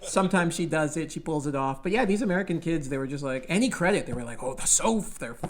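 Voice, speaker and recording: A man's voice: fairly high pitch, quick pace. A man from Canada, a guest comedian, chatting casually and telling stories, acting out quotes and laughing often. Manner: animated storyteller, acts out quotes, laughs often. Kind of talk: casual chat.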